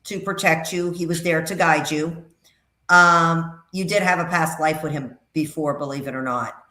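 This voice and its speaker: Middle-aged psychic lady on a call-in show, bright voice, kinda echoey room. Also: low voice, steady tone, normal speed. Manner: chatty, emphatic, repeats phrases. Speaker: psychic medium guest. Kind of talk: casual radio call-in readings.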